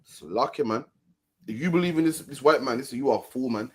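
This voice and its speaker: Talking fast, a man with a mid-range voice delivers preachy street commentary in a casual way. He keeps repeating himself, tacks "man" onto the ends of lines, and mocks others through mimicry.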